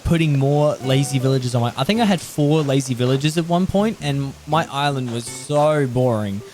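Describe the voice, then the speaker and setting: A man's voice: medium pitch, normal speed, a little mellow. A man streaming a game, chatting casually in a rambling way and laughing often. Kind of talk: casual chat while playing. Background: background music.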